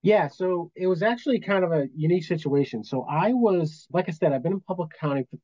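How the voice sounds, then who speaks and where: Boston guy in his 50s telling stories on a podcast, mellow voice, kinda lo-fi. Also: fairly high pitch, expressive, quick pace, dry recording. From Massachusetts, US. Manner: anecdotal, acts out quoted dialogue. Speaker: guest, business valuation accountant. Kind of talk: casual interview storytelling.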